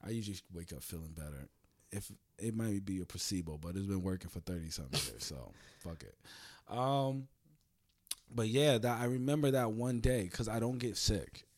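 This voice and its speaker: A man in casual podcast chat, telling stories loudly and animatedly and swearing a lot. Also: lowish voice, expressive, normal speed.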